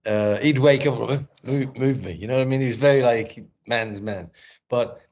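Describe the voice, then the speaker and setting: A man's voice: medium pitch, moderate pace, a little mellow. A middle-aged man telling a personal story in a casual interview, candid and emotional, swearing often. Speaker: podcast guest, former boxer and actor. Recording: dull lo-fi sound.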